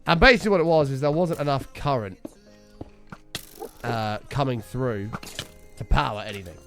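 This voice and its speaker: A man's voice: mid-range voice, normal speed, music in the background. A young man streaming a game, casually telling a story, swearing freely and acting out his own quotes. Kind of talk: casual storytelling while gaming.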